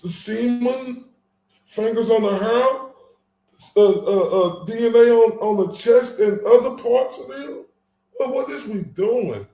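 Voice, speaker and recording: A man's voice: very high-pitched, a little slow, warm tone, roomy sound. A man hosting his own channel, giving heated, profane commentary with angry emphasis and frequent stumbling restarts.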